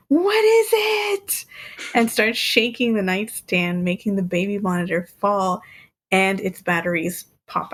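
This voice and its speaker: Woman in her 30s, casual podcast chat, medium pitch, laughs a lot while telling stories. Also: a bit bright. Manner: chatty, laughs often while recounting. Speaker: podcast co-host.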